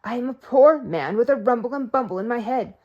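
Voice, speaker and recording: A woman voicing a frazzled, noise-weary older gentleman in a storybook read-aloud, speaking in fussy exclamations. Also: on the high side, expressive, brisk, dull audio.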